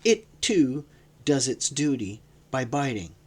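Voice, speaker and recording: A man voicing a gentle, calm young male teacher who speaks softly. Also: medium pitch, slow pace, husky, exaggerated voice.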